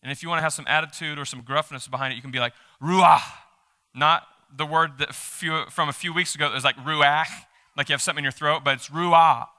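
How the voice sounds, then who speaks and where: A male pastor giving a live sermon in a church, animated and emphatic, joking with the congregation. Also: on the high side, very fast, few pauses. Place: church sanctuary during a service.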